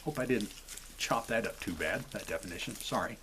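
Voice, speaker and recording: A man films himself at home giving a casual, rambling explanation, repeatedly apologizing and asking viewers "okay?" His voice is fairly low yet a bit bright, expressive and a little fast, with a little hiss or hum in the background.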